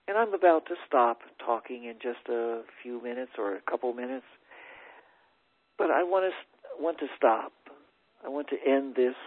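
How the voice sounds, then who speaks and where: A man's voice: on the high side, no echo. A man speaking as a spiritual teacher, giving an inspirational talk to a congregation, repeating words and restarting phrases as he goes. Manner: warm, repetitive, halting with many restarts. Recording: tinny phone-like audio, dry.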